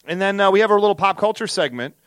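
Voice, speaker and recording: Animated high-voiced American man ranting. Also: fast, smooth, no room sound. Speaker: podcast co-host. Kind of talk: casual chat.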